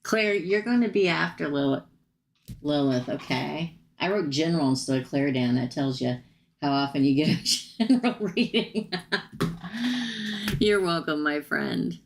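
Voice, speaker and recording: A middle-aged woman with a low, gravelly voice gone hoarse, talking slowly through a casual live tarot reading. She chats familiarly with the viewer and laughs often. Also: slight background noise. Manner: chatty, laughs often, calls the viewer "girl". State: hoarse, losing her voice. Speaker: tarot reader hosting a live stream.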